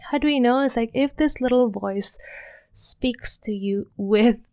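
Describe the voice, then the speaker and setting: A woman with a non-native English accent hosting a calm self-help podcast, speaking softly, sometimes dropping to a whisper and laughing lightly. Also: a little high, measured pace, clear, resonant tone, dry recording, studio quality. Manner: soft-spoken, slips into whispers, laughs lightly. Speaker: podcast host.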